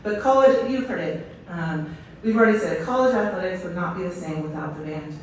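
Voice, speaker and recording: A woman's voice: lowish voice, brisk, slight background noise. A woman coach giving an enthusiastic storytelling speech to a stadium crowd, with many fillers. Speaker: head volleyball coach, guest speaker. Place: outdoor stadium. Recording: echoey stadium PA from far off.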